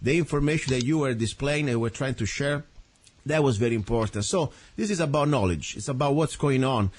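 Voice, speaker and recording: A man's voice: mid-range voice, a little fast, a little hiss or hum. A man from Italy with an Italian accent, hosting a talk radio show in an earnest, rambling way with frequent self-corrections. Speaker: radio host.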